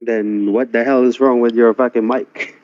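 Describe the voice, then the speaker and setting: A man's voice: mid-range voice, steady tone, normal speed, a little mellow. A man on a voice call with a friend, blunt and teasing, swearing freely. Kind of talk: casual voice chat. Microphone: voice chat over internet. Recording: dull voice call audio.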